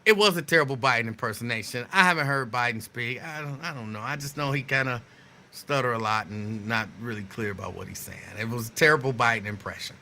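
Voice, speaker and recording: A man hosting a talk show, delivering a sarcastic, animated monologue that riffs on the news. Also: mid-range voice, fast talker. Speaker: show host.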